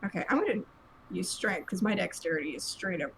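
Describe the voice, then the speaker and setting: A woman's voice: on the low side, quick pace, vocal fry, a little hiss or hum, rough recording. A woman playing a tabletop game, chatty and thinking her moves through aloud. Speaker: player. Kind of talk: casual tabletop play.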